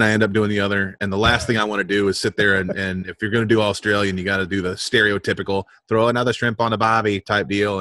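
A man's voice: fairly low pitch, a bit bright, no room sound, clean studio sound. A man, a podcast guest chatting casually and joking, with frequent restarts. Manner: joking, rambling, many restarts. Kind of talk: casual chat.

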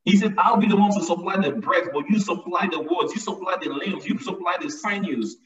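A man's voice: high voice, brisk, a crowd in the background. Man preaching from far off in an echoey room. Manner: emphatic, repeats lines for stress. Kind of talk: sermon. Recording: echoey, distant, dull sound.

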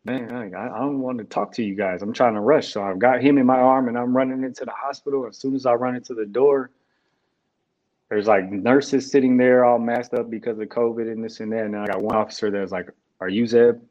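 A young man, a guest, telling an emotional personal story in a halting, reflective way with restarts. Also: medium pitch, fairly even intonation, a little mellow. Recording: dull lo-fi sound.

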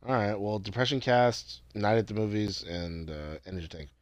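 A man's voice: fairly low pitch, fairly even intonation, normal speed, no room sound. A man co-hosting a podcast, joking loosely and swearing a lot in casual banter. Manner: loose, swearing, jokey, rambling. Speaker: podcast co-host.

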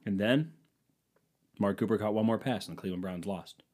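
Young American male podcast host, lowish voice, casual profane storyteller who acts out the exchanges. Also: expressive, quick pace, a little mellow. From United States. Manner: rambling, profane, jokey, acts out quoted exchanges.

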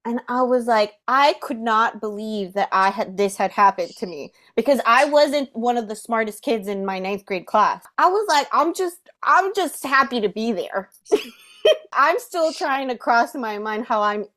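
A woman's voice: a little high, measured pace, fairly bright tone. A young woman hosting a podcast, telling a personal story animatedly with frequent laughter. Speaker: podcast host. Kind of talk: casual storytelling.

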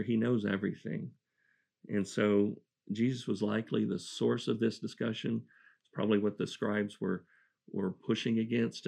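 A man's voice: lowish voice, gravelly, dark tone. A man preaching a verse-by-verse Bible sermon, earnest and reflective, often restarting his phrases.

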